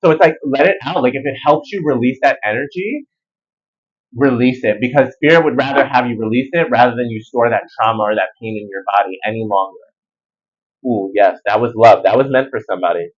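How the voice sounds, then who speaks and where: A man giving a casual spiritual tarot reading, animated and rambling in everyday slang. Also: medium pitch, fairly quick, husky, dull audio. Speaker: tarot reader.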